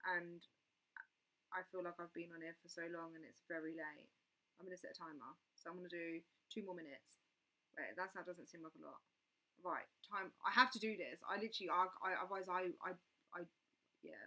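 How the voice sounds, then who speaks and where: Bright, rambling woman. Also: fairly low pitch, fairly quick. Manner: rambling, chatty, lots of fillers. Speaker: livestream host. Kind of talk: casual livestream chat.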